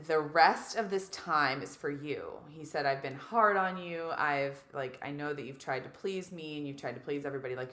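A woman in her thirties, a guest casually telling a story, animated and acting out quotes, saying "like" a lot. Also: deep voice, roomy sound. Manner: animated, acts out quotes, heavy use of "like".

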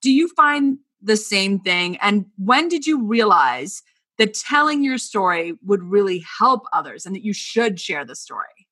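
A woman host with a bright, crisp voice asks her guest questions and shares her own story. She speaks in a chatty, empathetic way, at a mid pitch. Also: sing-song, measured pace. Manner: empathetic, chatty, uses "like" often. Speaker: podcast host. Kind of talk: conversational interview.

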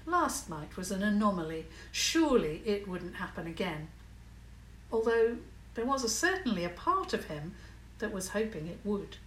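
Woman reading kids' bedtime story, calm, roomy room, a bit far from mic. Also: medium pitch, moderate pace, a little hiss or hum. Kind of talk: children's story narration.

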